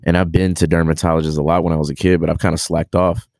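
Very deep, mellow young man, laid-back. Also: level tone, fast talker, gravelly, no room sound. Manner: laid-back, slangy, stumbles over words. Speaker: podcast co-host. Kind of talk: casual chat.

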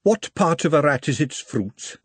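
A practical working woman speaks nervously and quickly, her voice lifted only a little, as a man reads her. The sound is husky and dry. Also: fairly high pitch, sing-song, no room sound, voice pushed up, exaggerated voice. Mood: wary.

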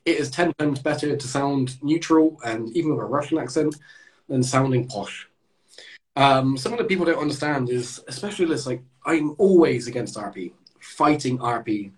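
A British man hosting a casual podcast chat, animated and blunt, swearing now and then. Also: medium pitch, moderate pace. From United Kingdom. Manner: animated, swears, mocks posh speech. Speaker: podcast host.

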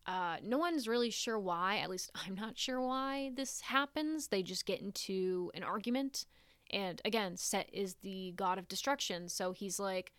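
Woman, casual myth storyteller, irreverent and profane, mid pitch, dry close sound. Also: a bit bright, clear, resonant tone, no echo. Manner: irreverent, swears, acts out gods' lines in quick voices. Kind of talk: casual storytelling about mythology.

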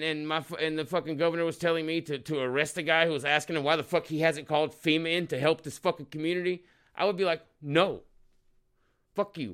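Bright, profane ranting man. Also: fairly high pitch, clear, resonant tone. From Oklahoma. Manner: profane, heated, swearing freely. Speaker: show host. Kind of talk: ranting commentary on a clip.

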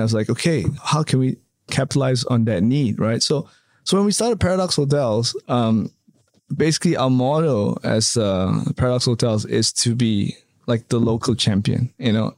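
A man's voice: medium pitch, a little mellow, no room sound, studio quality. A man being interviewed in a casual chat, rambling with many fillers and tag questions. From Canada. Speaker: interview guest, hotel developer.

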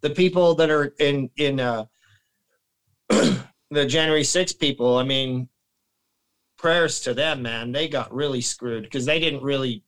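A man talking as a guest on a casual podcast, rambling and animated, restarting sentences and clearing his throat. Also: mid-range voice, unhurried, long pauses, low-quality recording.

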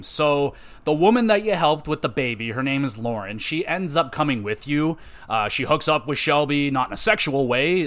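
A man hosting a gaming podcast, chatting casually and swearing a lot as he rambles through memories of playing a game. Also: mid-range voice. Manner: profane, rambling, animated retelling. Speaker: podcast host. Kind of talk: casual game review chat.

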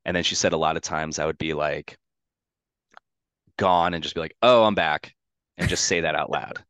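A man's voice: extremely low pitch, level tone, moderate pace, a bit bright, dry recording. A man, a podcast guest, telling a personal story in casual chat, rambling with lots of "like" fillers and candid swearing.

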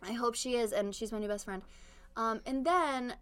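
A woman's voice: a little high, normal speed, a bit bright, clear, resonant tone. A young woman from Virginia co-hosting a podcast, telling long rambling stories in casual chat and acting out other people's voices. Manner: rambling storyteller, acts out voices. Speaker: podcast co-host.

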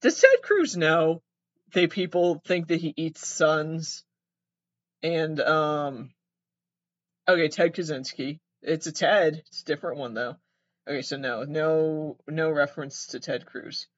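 In a casual ramble full of swearing and frequent giggling, a young adult comedian vlogger speaks in a mid-range voice. The recording comes from a built-in device mic rather than an external one, sounding dry, dull, and lo-fi, with no echo.

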